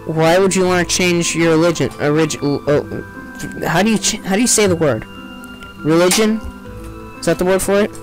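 A man's voice: a little high, moderate pace, low-quality recording. A man hosting a game playthrough, chatting loosely and correcting himself as he goes. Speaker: gaming channel host. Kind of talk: let's play commentary. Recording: game music playing behind. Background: game music.

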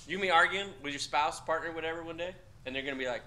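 Blunt, animated male classroom instructor. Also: on the high side, quick pace, a little hiss or hum. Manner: blunt, profane, animated questioning of students. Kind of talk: classroom discussion lecture.

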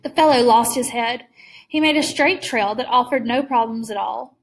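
A woman's voice: fairly high pitch, normal speed, close to an everyday voice. A woman reading aloud voices a suave, menacing older male general with polished, amused courtesy. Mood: smooth.

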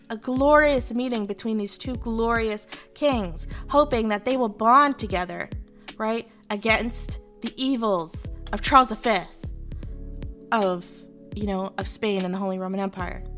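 Young female host, fairly high voice, loose joking history talk, lots of fillers. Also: a little slow, a bit bright, faint music behind. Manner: chatty, irreverent, lots of fillers. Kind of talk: casual comedic history explainer.

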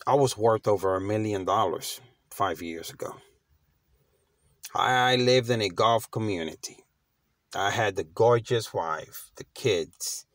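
Recorded clean in a studio with no room sound, a middle-aged motivational vlogger speaks in a fairly low, slightly bright voice at an unhurried pace. His talk is casual and slangy, emphatic and conversational, and he repeats himself restarting phrases.

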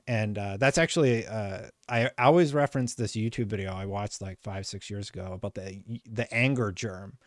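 Low-voiced man hosting a casual chat. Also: moderate pace, hardly any pauses, no echo, studio quality. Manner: earnest, animated, trails off into fillers. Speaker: podcast host.

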